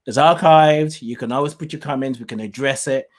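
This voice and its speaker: A man hosting a live show in a casual monologue, speaking with a mixed British, Nigerian and Southern US accent. He is chatty and animated and laughs often. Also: medium pitch, fairly quick. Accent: mix of British, Nigerian and Southern US. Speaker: host.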